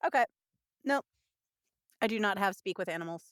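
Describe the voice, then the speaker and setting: A woman playing a tabletop role-playing game, chatty and excitable as she talks over the rules. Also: medium pitch, moderate pace, no room sound, studio quality. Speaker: player.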